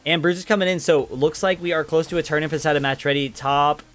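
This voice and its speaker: A man giving energetic live play-by-play commentary on a video game and chatting with viewers, his voice cracking upward at exciting moments. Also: fairly high pitch, quick pace, soft background music. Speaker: esports caster and streamer.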